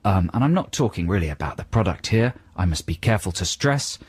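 A man's voice: deep voice, expressive, fairly quick, slightly rough, no room sound. Playful male radio co-host, dry studio. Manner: playful, puts on silly voices mid-story. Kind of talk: casual radio banter. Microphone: studio microphone.

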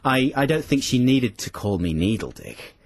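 A man's voice: medium pitch, very animated, normal speed, darkish tone, slight background noise. A man co-hosting a radio show, chatting in casual banter with a rambling, apologetic manner. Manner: rambling, apologetic, laughs often. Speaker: radio co-host.

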